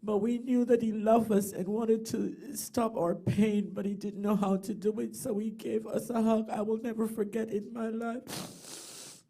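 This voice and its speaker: A woman's voice: a little high, flat delivery, unhurried, dark tone. A middle-aged woman, giving tender, rambling eulogy remarks for her brother over a video call. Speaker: bereaved sister giving a eulogy.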